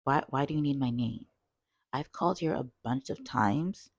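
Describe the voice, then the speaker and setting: A woman's voice: rumbling low, lively intonation, moderate pace, no echo, clean studio sound, exaggerated voice. A woman voicing an indignant demanding caller. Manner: defensive, demanding.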